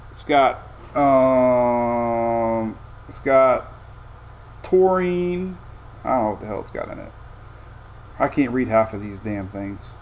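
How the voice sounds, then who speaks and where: A man's voice: mid-range voice, gravelly, slight background noise. Easygoing man hosting a casual weather chat. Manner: rambling, easygoing, excitable asides. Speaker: weather show host.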